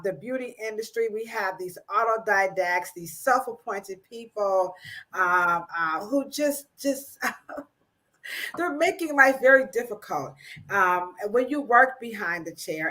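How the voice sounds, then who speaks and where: A woman hosting a casual livestream chat, animated and playful, laughing often. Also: medium pitch. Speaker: host.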